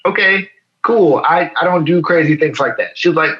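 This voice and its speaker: A man's voice: on the high side, highs cut off. A man in his thirties from Chicago, a guest telling a long story in a casual interview, quoting people as he goes. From Chicago, South Side. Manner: animated, fast storytelling with quoted dialogue. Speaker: guest, photo editor.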